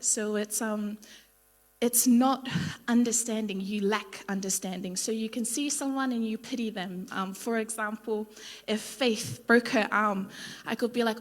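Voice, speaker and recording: A young woman giving an informal Bible study talk at church, chatty and full of ums and likes, acting out the people she quotes. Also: mid-range voice. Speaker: youth speaker at church.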